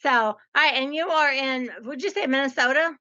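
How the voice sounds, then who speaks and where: Chatty woman in her sixties, high bright voice. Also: normal speed, highs cut off. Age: 60s. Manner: chatty and playful, with frequent "like". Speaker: podcast host. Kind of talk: casual interview.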